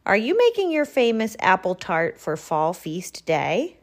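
A woman voicing a kind, generous female porcupine in a storybook, in a bright, friendly, lilting voice. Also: medium pitch, huge pitch swings, unhurried, heavily acted.

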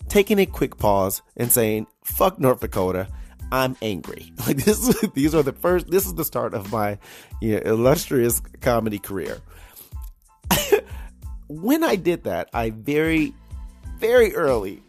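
A man's voice: mid-range voice, sing-song, measured pace, darkish tone, soft background music. A young adult man hosting a podcast, telling a story casually, laughing often and restarting his sentences. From United States. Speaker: podcast host.

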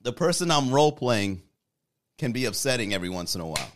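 Talking fast in a sing-song, medium-pitched voice, a live comedy podcast host rambles through jokes about his own sketch ideas, poking fun at himself along the way.

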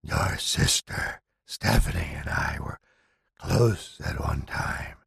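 A towering shadow entity with burning eyes murmurs in a deep, breathy half-whisper. Every word comes slow and menacing. The sound is close and dry, with no room around it. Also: male voice, animated, fairly bright tone, dry recording, full character voice. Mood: ominous. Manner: slow, ominous. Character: menacing shadowy male entity, tall, red-eyed. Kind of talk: dramatic storytelling narration.

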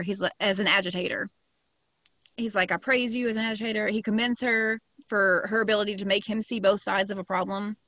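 A woman's voice: medium pitch, fairly bright tone, no echo. A woman casually telling a true crime story to a co-host, full of fillers and slang. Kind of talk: casual chat.

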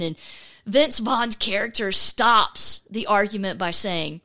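A woman hosting a casual faith podcast, talking in a chatty, animated way with lots of fillers and restarts. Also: mid-range voice, takes it slowly. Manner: acts out quoted voices. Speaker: podcast host.

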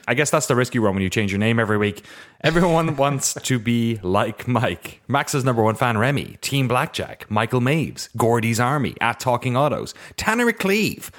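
A man's voice: mid-range voice, fairly bright tone. A man co-hosting a podcast in casual chat, laughing often and wandering into asides, recorded at home on a desk mic. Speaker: podcast co-host. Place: room in a house with movers stomping overhead. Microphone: desk mic recorded in Audacity.

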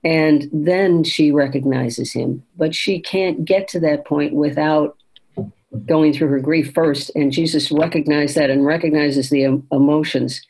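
A woman co-hosting a podcast walks through a scripture scene in an easy conversational tone. She quotes the lines as she goes, with an even, reflective manner. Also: sits low, unhurried, slightly rough, poor audio. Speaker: podcast co-host. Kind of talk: conversational faith podcast discussion.

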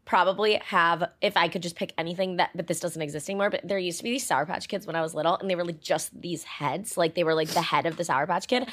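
Rambling young woman, lowish voice. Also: fairly even intonation, fast talker, few pauses, fairly bright tone. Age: young adult. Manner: rambling, full of fillers and swearing. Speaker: podcast co-host. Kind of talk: casual chat.

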